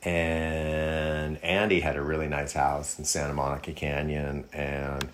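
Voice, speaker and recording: A man's voice: very deep voice, monotone, measured pace. A man telling a long, rambling personal anecdote in a laid-back, casual way. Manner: rambling, laid-back, with fillers and quoted asides. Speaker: storyteller.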